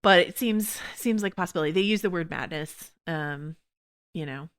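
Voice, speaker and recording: A woman hosting a podcast, talking quickly and casually, full of fillers and laughs. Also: on the low side. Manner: quick, chatty, full of "you know" and laughs. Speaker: podcast host. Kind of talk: casual TV discussion chat.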